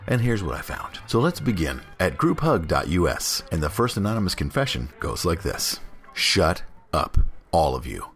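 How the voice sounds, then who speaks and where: A man's voice: low-pitched, sing-song, moderate pace, few pauses, fairly bright tone, soft background music. A man hosting a podcast, reading anonymous confessions aloud in a casual, offhand way, recorded at his workplace. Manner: reads confessions with mock anger, loose and offhand.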